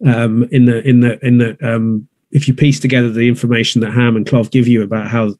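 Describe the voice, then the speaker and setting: A man in a conversational interview, speaking thoughtfully at a middle pitch. He often restarts his sentences and circles back to reach his point. The sound is dry and close. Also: little pitch movement, brisk, darkish tone, no echo. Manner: thoughtful, many restarts and fillers. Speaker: theatre producer. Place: north of England.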